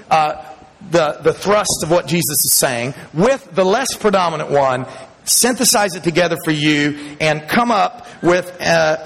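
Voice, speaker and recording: A man preaching a sermon to a congregation in church, speaking emphatically, rising in pitch and loudness as he builds each point and chuckling between them. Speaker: pastor. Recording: long hall reverb.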